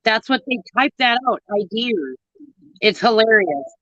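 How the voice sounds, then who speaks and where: A woman's voice: a little high, animated, moderate pace, a bit bright, no echo. Minnesota-accent lady trucker chatting on a stream, dry muffled lo-fi sound. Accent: northern Minnesota. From northern Minnesota. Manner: chatty, folksy, laughs easily. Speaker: co-host, trucker. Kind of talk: casual chat on a livestream. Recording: dull lo-fi stream audio.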